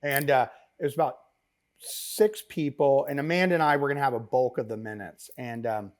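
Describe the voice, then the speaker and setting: A middle-aged man, a business founder, telling stories as a podcast guest in a rambling, animated way with many fillers and asides. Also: medium pitch, moderate pace. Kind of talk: casual interview storytelling.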